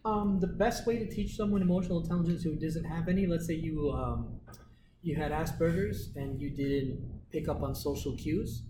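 Male presenter, assertive teacher, echoey room, loud background noise. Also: a little high. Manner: assertive, explains with worked examples. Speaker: presenter teaching a team meeting. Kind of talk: casual instructive talk.

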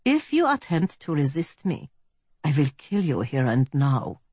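A woman's voice: low-pitched, sing-song, unhurried, mellow, breathy edge, no room sound, heavily acted. A woman voicing a suave, menacing middle-aged German man, speaking coolly and politely with a German accent. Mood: cool menace. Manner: cool, polite, threatening.

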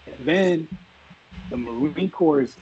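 A man's voice: fairly high pitch, takes it slowly, warm tone, a little hiss or hum. A former Marine man telling a story in a casual, rambling, profane way. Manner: profane, rambling, laid-back. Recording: dull lo-fi audio.

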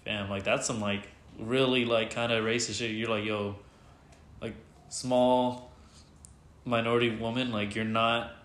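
A man telling a heated story in casual chat, animated and swearing, acting out what others said. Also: mid-range voice, measured pace, roomy sound. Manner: animated retelling, swears freely, quotes others in voices.

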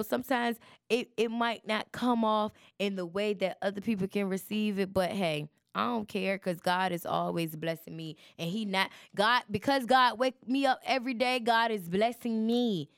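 A woman hosts her podcast in a chatty, preachy manner, speaking directly to her listeners in casual conversation. Her mid-range voice is smooth and moves at a moderate pace, captured in a dry, clean studio recording.

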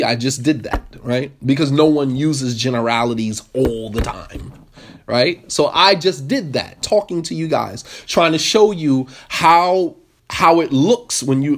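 A man giving a lively, interactive talk on marriage to a group, questioning the audience and repeating points for emphasis. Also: mid-range voice, a little slow. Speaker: marriage workshop speaker.

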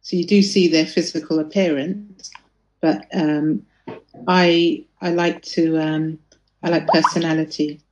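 A woman's voice: sits low, little pitch movement, a little slow, slight background noise. A woman answering hesitantly in a casual discussion on a video call, stalling with many ums. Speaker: guest. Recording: muffled lo-fi video call audio.

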